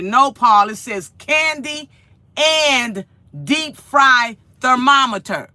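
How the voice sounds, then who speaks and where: A woman's voice: high-pitched, slow pace, no room sound. A woman, chatting casually to her viewers from her home kitchen and telling a rambling story with lots of repetition. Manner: animated, rambling storytelling with repeated phrases. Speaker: vlogger.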